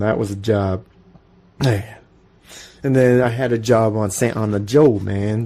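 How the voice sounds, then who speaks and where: A Canadian man in his forties, a podcast host telling casual, profane stories in an animated way. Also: lowish voice, gravelly. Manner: animated, profane, storytelling with acted-out quotes. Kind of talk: casual storytelling monologue.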